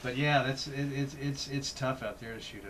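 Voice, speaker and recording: A man's voice: mid-range voice, fairly even intonation, moderate pace, a bit bright, slight background noise, rough recording. A man hosting a casual talk show, telling long rambling stories full of restarts. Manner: rambling anecdotes with many restarts. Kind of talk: casual chat.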